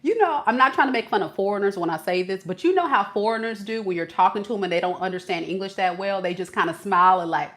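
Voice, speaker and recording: Chatty, animated female tarot reader, mid pitch, talks straight to viewers. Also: quick pace, hardly any pauses. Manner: chatty, animated, acts out quoted voices, laughs at herself. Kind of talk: casual spiritual reading to camera.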